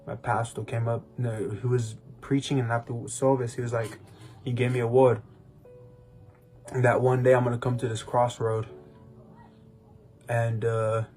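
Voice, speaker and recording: A man's voice: medium pitch, darkish tone. Young man telling a rambling testimony. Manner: rambling storytelling with restarts. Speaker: podcast co-host. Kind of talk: personal testimony, casual chat.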